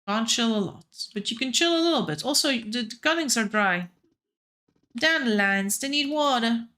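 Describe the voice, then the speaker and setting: Bright-voiced woman streaming a game. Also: a little high, animated, moderate pace. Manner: chatty, playful, talks to players and chat. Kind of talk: casual game stream chat.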